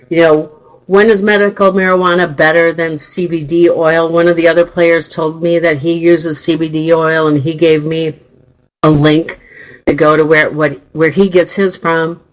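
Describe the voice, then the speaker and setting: A woman's voice: low-pitched, low-quality recording. Bubbly chatty woman radio host. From northern United States. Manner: bubbly, laughs often, chatty storyteller. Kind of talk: casual radio chat.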